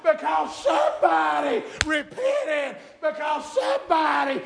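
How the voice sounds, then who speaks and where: Male preacher, very high and sharp-toned, shouting sermon, echoey church. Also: sing-song, slow, creaky, a faint crowd. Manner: shouting, chanting preaching cadence.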